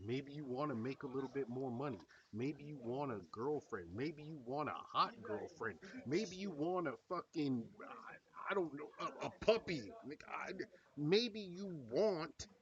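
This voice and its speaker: A man's voice: a little high, animated, unhurried, distant mic, highs cut off, a crowd in the background. A man hosting a reaction video, talking bluntly and heatedly with lots of swearing. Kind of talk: casual reaction commentary.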